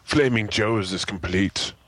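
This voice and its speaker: A man putting on a gruff dwarven voice as a grumpy old dwarf, reading out game text. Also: lowish voice, measured pace, a bit bright, dry recording.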